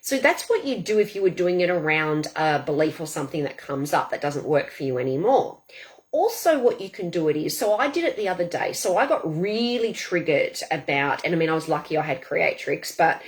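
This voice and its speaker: A woman's voice: low voice, sing-song. Woman coaching tapping affirmations. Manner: speaks affirmations aloud in a slow, deliberate rhythm. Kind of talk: guided tapping demonstration.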